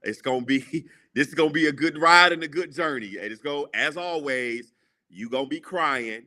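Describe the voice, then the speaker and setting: A guest entrepreneur and TV show creator delivers an emphatic motivational talk in a preacherly style, repeating lines for emphasis. His voice is a little high and sharp, at a normal speed.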